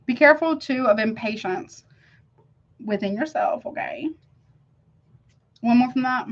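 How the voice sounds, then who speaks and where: A woman's voice: a little high, measured pace, highs cut off. Slangy, emphatic woman reading tarot. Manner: emphatic, slangy, keeps asking "you see what I'm saying?". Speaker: tarot reader. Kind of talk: casual tarot reading to camera.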